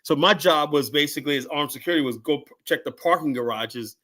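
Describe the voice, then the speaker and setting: Speaking quickly in a higher-pitched voice, a middle-aged podcast guest spins rambling security stories in casual conversation. He shouts out the quotes and constantly tacks on "right?" and "whatnot".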